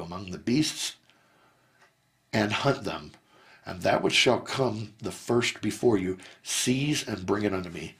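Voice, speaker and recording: A man reading the lines of a grieving old patriarch in an earnest, measured scripture-reading voice. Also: low-pitched. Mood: commanding.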